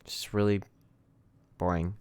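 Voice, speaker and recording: This man's low, slightly mellow voice stays fairly flat in pitch as he talks at a normal speed. In casual let's-play commentary, he reads the game's text out loud and cracks self-deprecating jokes.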